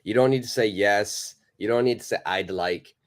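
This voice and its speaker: A man's voice: fairly low pitch, normal speed. A man teaching a live online English lesson, patiently reading out viewers' answers, praising them and explaining simple phrases.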